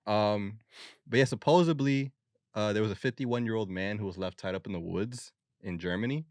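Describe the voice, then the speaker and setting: Low-voiced man telling news casually. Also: normal speed, no echo. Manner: slangy, loose storytelling with many fillers. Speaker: podcast co-host. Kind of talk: casual chat.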